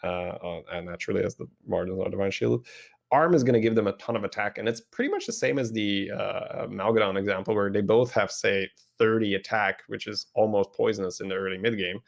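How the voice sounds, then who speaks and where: A man co-hosting a casual game-strategy podcast, explaining things in a measured way with the odd "um". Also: on the low side, gravelly. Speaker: podcast co-host.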